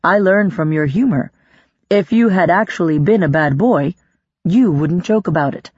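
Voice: medium pitch, moderate pace, a little mellow, husky, no echo, dull audio, lightly acted. A reader voicing a Martian who speaks in a formal, analytical way. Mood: curious. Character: Martian, calm and inquisitive alien.

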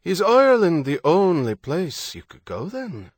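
A man's voice: fairly high pitch, huge pitch swings, a little slow, dry recording, clean studio sound, voice pushed up, exaggerated voice. A man reading an audiobook, voicing a tall menacing armed leader with a reedy tenor voice who questions coldly. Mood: coldly probing. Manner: cold, probing, unsoftened questioning. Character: menacing armed man in wide-brimmed hat, cold leader.

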